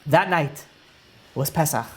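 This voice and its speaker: A rabbi recounting a gripping tale to his listeners. He speaks with lively, animated delivery and slips into the characters' voices as the story moves along. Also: a little high, slow pace. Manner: animated retelling that acts out the characters' lines. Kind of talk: dramatic storytelling lesson.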